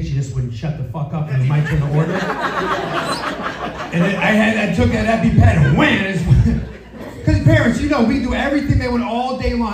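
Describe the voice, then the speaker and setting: A man from Philadelphia doing a crude stand-up routine in a comedy club, often asking the audience if they follow him. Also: sits high. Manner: brash, crude, checks in with the audience. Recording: echoey club recording, distant mic, loud audience laughter. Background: audience laughing.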